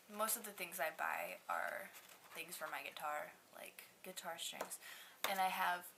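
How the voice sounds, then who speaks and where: A nineteen-year-old woman talks to her camera in a chatty, rambling vlog, often making fun of herself. Her voice sits a little low and has plenty of vocal fry. The home recording carries clear background hiss and clicks. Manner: chatty and rambling, self-mocking. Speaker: vlogger. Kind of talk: casual vlog talk to camera.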